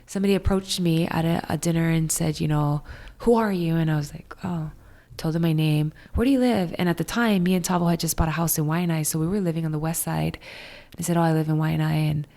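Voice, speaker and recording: A woman in her thirties from Hawaii, telling her story as a guest, animated and full of "like". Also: fast. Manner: animated, acts out quoted voices with high jumps; many fillers of "like". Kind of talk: casual storytelling interview.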